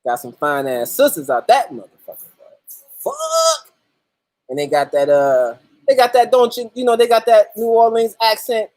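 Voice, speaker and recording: A man's voice: sits high, a little fast, a little mellow, no room sound. A man hosting a livestream in casual, profane chat, greeting viewers by name as they join. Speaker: livestream host.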